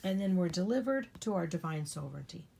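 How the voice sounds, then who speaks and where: Gravelly, husky woman giving spiritual talk. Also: fairly low pitch, expressive, fast, mellow. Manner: earnest, repetitive, blunt with swearing. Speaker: spiritual channel host. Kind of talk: casual spiritual talk to viewers.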